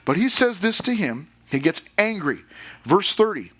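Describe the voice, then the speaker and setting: A man's voice: high voice, big pitch swings, normal speed, bright, forceful tone. A man pastor giving a sermon to a youth congregation in a conversational way, reading scripture and checking in with questions. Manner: conversational, asks the listeners questions.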